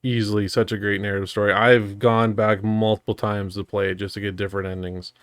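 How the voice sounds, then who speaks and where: A young man co-hosting a podcast who talks casually and quickly, with frequent swearing. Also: lowish voice, dry recording, studio quality. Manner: swears casually, fast and animated. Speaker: podcast co-host. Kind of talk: casual chat.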